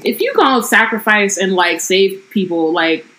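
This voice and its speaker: A woman in casual book-club mode, reading passages aloud and then breaking off to riff in frank, profane asides. Her voice sits at an everyday mid pitch, and she talks loosely and conversationally. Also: expressive, normal speed, a bit bright, rough recording. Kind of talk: casual book-discussion podcast.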